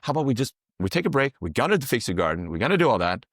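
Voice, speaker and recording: A man's voice: medium pitch, very animated, rapid-fire, a bit bright, no room sound, clean studio sound. A man working as a psychedelic guide, talking casually on a podcast, explaining things through long rambling metaphors and swearing freely.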